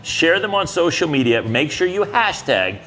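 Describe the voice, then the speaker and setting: A man's voice: a little high, sing-song, moderate pace, bright, forceful tone, soft background music. A man co-hosting a live studio broadcast, joking casually and poking fun at himself. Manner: jokey, casual, self-mocking. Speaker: TV host.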